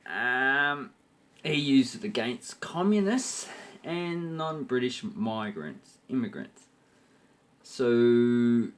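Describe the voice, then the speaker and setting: Blunt, sweary Australian man teaching slang. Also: mid-range voice. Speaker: language teacher. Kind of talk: casual vlog lesson.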